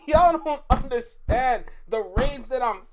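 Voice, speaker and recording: A man with a very high voice rants to his live-stream audience in an unhurried, drawn-out way. He sounds fed up and exasperated, repeating the same complaints again and again, and his frustration keeps breaking into laughter. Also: a little mellow. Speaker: live-stream reaction host. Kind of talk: casual live-stream rant.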